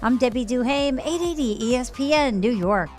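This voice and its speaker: A woman giving a brisk radio traffic report, reading the items in a crisp, rapid-fire way. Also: fairly high pitch, animated, darkish tone, faint music behind.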